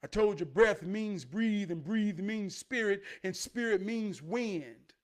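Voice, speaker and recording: Very high-voiced man preaching streetwise motivation. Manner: streetwise, profane, building to shouted emphasis; repeats phrases for effect, drawn-out delivery. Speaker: motivational speaker.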